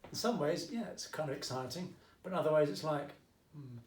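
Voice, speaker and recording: Chatty Essex maths teacher, echoey room. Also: male voice, on the high side, expressive, fairly quick, a little mellow, far from the mic. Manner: chatty and jokey, keeps checking in with "okay?". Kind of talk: casual video lesson. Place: at home during lockdown. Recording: echoey room, mic set back.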